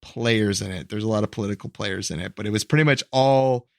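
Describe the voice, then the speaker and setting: A man co-hosting a podcast, explaining history in a halting, rambling way full of fillers. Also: on the low side, gravelly, dry recording, studio quality. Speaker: podcast co-host.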